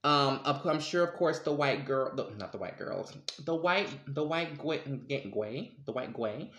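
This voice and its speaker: A man co-hosting a casual podcast chat, talking in an animated, emphatic way with slang and frequent laughs. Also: fairly high pitch, measured pace, echoey room. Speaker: podcast co-host.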